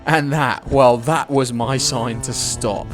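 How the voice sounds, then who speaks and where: A young man narrating his own motorbike trip in a casual travel vlog, cheeky and self-mocking, with bursts of excitement. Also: mid-range voice, takes it slowly, over music. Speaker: travel vlogger.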